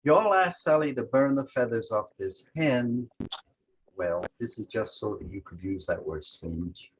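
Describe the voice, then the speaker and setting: A man's voice: mid-range voice, animated, measured pace, slightly rough, low-quality recording. A man teaching a language lesson over a video call, methodically walking through example sentences step by step.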